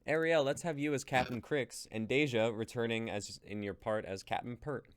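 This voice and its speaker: A man's voice: mid-range voice, steady tone, normal speed, smooth. A man hosting a live stream and assigning roles for a script reading, in upbeat, casual chat. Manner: upbeat, directing the group. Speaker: stream host. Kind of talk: casual stream chat and casting a table read.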